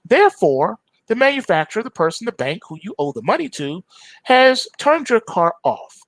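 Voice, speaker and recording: Guy doing a smug robot lady phone agent, higher voice, sing-song polite. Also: very animated, normal speed, fairly bright tone, dry recording, heavily acted. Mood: prim. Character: prim female AI customer service agent.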